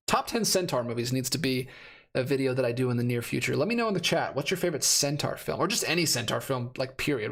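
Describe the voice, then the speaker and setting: A man's voice: mid-range voice, a bit bright. A man in his thirties hosting a casual live stream, rambling and correcting himself as he reads out chat comments, his voice a little worn. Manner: rambling, self-correcting, laughs often. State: losing his voice. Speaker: host of a live stream about movie releases.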